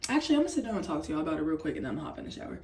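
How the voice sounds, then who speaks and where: A young woman talks straight to her camera, venting about her life in a candid, animated way. Her voice sits a little low for a woman. She often slips into mocking voices for the people she quotes. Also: racing. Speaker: vlogger.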